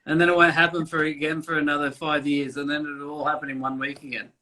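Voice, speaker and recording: A man's voice: on the high side, level tone, quick pace, bright, forceful tone. A man, a tattoo artist rambling through stories with fillers and swearing. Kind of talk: casual chat.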